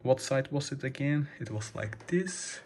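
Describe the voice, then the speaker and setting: A man's voice: medium pitch, lively intonation, unhurried, a little hiss or hum. A young man hosting a casual gaming tip video, rambling and calling his viewers guys, a little out of breath. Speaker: gaming channel host.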